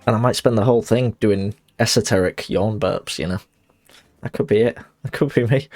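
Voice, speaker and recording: A man's voice: fairly low pitch, moderate pace, darkish tone, no room sound. A young man streaming a game, chatting in a rambling, self-conscious and apologetic way with giggly asides. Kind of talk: casual chat while streaming a game. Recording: dry close mic with faint music behind.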